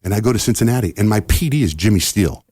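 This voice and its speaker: Speaking rapid-fire in a lowish voice with a breathy edge, this middle-aged radio host from the US spins a long, casual tale in a podcast interview. He brings the characters to life by acting out their lines, and the studio-quality recording has no echo.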